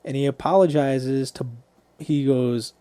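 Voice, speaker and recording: Mellow-voiced man recapping a movie. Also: medium pitch, fairly even intonation, a little slow, dry recording. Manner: loose, profane storytelling. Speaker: podcast co-host.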